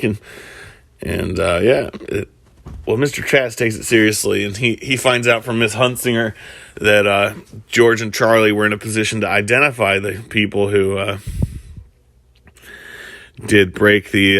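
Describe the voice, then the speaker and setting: A man with a lowish voice casually retelling a story, rambling along with frequent ums and restarts. The sound is dry and close, with no room echo. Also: fairly bright tone. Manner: rambling, many fillers and restarts. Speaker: comedic storyteller. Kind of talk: casual spoken plot retelling.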